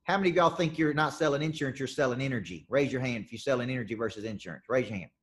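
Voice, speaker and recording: In a live sales coaching session, a southern US man talks in a punchy, energetic manner and repeats questions to drive points home. His pitch is medium and his pace is racing.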